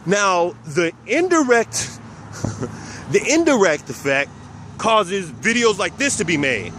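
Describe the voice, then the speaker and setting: A man from South Texas tells personal stories in a relaxed vlog, speaking of himself as "we." His voice sits high for a man, and he chuckles now and then as he talks. Faint street traffic hums behind him. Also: slow pace. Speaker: vlogger. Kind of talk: casual personal storytelling.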